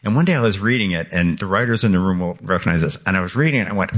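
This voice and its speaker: Low husky man in his sixties. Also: very fast, few pauses. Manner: animated, laughing, many restarts. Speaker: author guest. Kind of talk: radio interview conversation.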